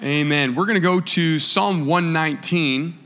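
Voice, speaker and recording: A man's voice: a little high, unhurried, fairly bright tone, a little hiss or hum. A man preaching a sermon in a church, telling stories in a conversational way and calling on the congregation to repeat phrases. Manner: conversational storytelling with audience call-and-response. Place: church sanctuary. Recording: church hall reverb.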